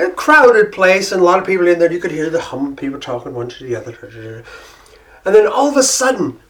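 An American man telling a story in a casual, self-deprecating way. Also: high voice. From United States.

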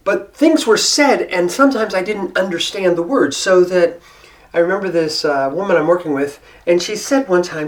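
An American man telling a story in a casual, self-deprecating way. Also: sits high. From United States.

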